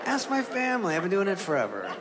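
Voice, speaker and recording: A man's voice: high voice, huge pitch swings, over a noisy crowd, very noisy. A man doing a brash, shameless old-school uncle. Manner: boastful, shameless, drawn-out. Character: brash older male uncle who gropes people. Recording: reverberant club hall with audience.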